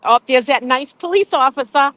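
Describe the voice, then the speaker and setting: High-pitched woman, casual live stream chat, greets viewers by name, salty language, dry close phone sound outdoors. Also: moderate pace, fairly bright tone, no echo. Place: outdoors at a courthouse.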